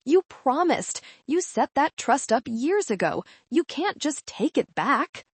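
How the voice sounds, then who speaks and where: A woman doing a shrill, frantic mother. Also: very animated, slow, slightly rough, no room sound, exaggerated voice. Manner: shrill, near hysterical, pleading.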